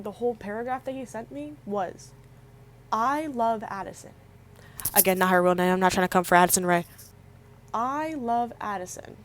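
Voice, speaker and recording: A young woman recounts a painful personal story in an emotional storytime vlog. Her voice sits at a mid pitch, and she rambles as she talks, restarting her sentences and acting out the dialogue. A faint steady hiss runs underneath. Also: low-quality recording. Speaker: vlogger telling a personal story.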